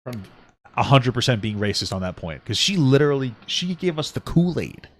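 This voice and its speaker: Reacting to a clip, a male podcast co-host keeps things casual with animated, sarcastic humor. He speaks fairly quickly at a medium pitch.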